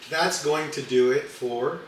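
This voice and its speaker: A man hosting a cooking video, chatting in a relaxed, rambling way as he builds sandwiches. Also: fairly high pitch, measured pace, slight background noise. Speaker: cooking channel host. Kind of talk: casual cooking chat. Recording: very echoey room, mic far off.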